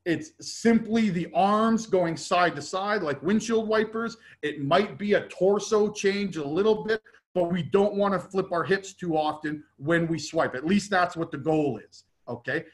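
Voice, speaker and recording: A man with a fairly high voice walks through football drills like a coach at an online clinic. He keeps it casual and checks in with "okay?" after nearly every phrase. He punches out short repeated cues like "get down low.". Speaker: football defensive line coach. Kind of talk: instructional clinic talk over drill video.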